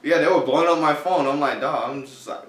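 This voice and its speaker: A man's voice: on the high side, fairly quick, fairly bright tone, far from the mic. A young adult man, a podcast co-host, chatting casually in a laid-back way and laughing often. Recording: echoey room, a bit off-mic.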